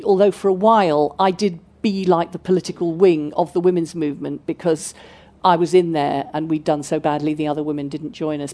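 Brief: sixties woman, festival guest speaker, lively anecdotal delivery, plenty of ums. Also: lowish voice. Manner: animated storytelling with fillers. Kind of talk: festival talk answering questions.

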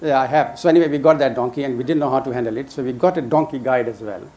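A man's voice: mid-range voice, darkish tone, a little hiss or hum. An older man telling a long anecdote in a casual way, often chuckling and restarting his sentences. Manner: chuckling, halting with many restarts. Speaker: storyteller guest.

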